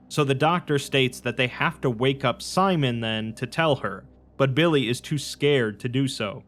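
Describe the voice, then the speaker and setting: A man giving a steady, matter-of-fact scripted narration that recaps a film's plot. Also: medium pitch. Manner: even, matter-of-fact retelling.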